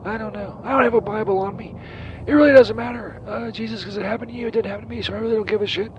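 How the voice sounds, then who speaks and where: A man's voice: sits high, fairly even intonation, racing, muffled recording, close to an everyday voice. A man playing a crude, sleazy Saint Peter who rambles and swears, calling in from outside a church. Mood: flustered. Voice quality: rambling, profane, full of ums and uhs. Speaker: caller on the show. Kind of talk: comedic phone-in bit. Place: outdoors near a church. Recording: noisy street with passing vehicles.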